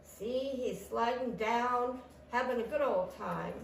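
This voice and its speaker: A woman's voice: a little high, vocal fry, a little hiss or hum. A woman reading a children's picture book aloud with sound effects, in an echoey room. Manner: slow, animated read-aloud with sound effects. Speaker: storytime reader. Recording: echoey room, mic at a distance.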